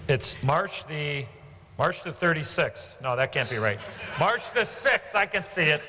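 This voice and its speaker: A man's voice: on the high side, expressive, moderate pace, bright, forceful tone. A man at a banquet giving away raffle tickets, rambling and joking with frequent hesitations. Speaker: banquet guest presenting a raffle prize. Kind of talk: casual banquet remarks. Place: large indoor banquet hall. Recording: echoey banquet hall with background noise.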